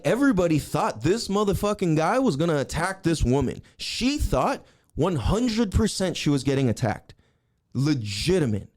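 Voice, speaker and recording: A man hosting a podcast, telling a heated story in a profane rant that swings between shouting and low mutters. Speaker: podcast host.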